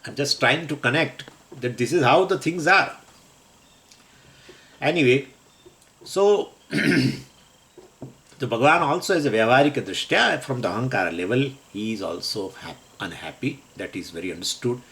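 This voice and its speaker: A man's voice: mid-range voice, animated, normal speed, vocal fry, pauses often, fairly bright tone. A middle-aged man teaching a scripture class, explaining Sanskrit terms in English and chuckling often as he talks.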